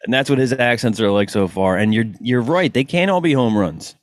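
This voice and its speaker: A man's voice: mid-range voice, fairly quick, dry recording. A man co-hosting a podcast, laid-back with dry humor. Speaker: podcast co-host. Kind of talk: casual podcast chat.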